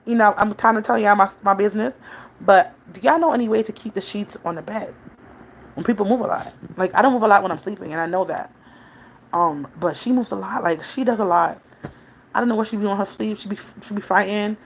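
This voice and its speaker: A woman's voice: mid-range voice, brisk, gravelly, a little hiss or hum. A woman talks casually to her viewers at home, rambling from one thing to the next. She laughs often and sounds like a mom in her thirties chatting with friends. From New York City. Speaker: vlogger, mother. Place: home, New York.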